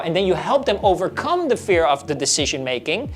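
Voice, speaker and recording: An animated woman teaches a sales lesson for real estate agents, her pitch swinging widely as she acts out clients' objections. Faint music plays behind her voice. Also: a little fast, few pauses. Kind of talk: instructional video lesson.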